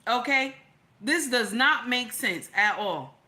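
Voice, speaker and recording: A woman's voice: fairly high pitch, animated, takes it slowly, bright, forceful tone. A middle-aged woman hosting an opinionated livestream, blunt, profane and preachy, greeting her chat as she talks. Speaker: livestream host.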